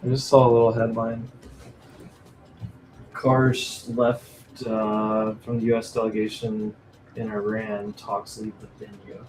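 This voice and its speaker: A man's voice: lowish voice, level tone, slow, noisy background. A man co-hosting a live trading stream, asking questions and reading out news headlines. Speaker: trading co-host.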